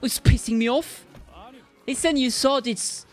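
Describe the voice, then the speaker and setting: A woman's voice: sits high, measured pace, soft background music, pitched above the performer's own voice. A woman voicing a crude, short-tempered young man who growls and snaps. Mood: irritated. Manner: brash, growling, swearing.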